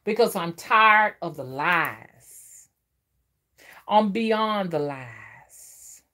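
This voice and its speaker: A woman with a fairly low, animated voice speaks very slowly in a sharp tone. She's a spiritual reader delivering a profane, emphatic, preachy rant, often checking whether the listener follows and pressing them to agree.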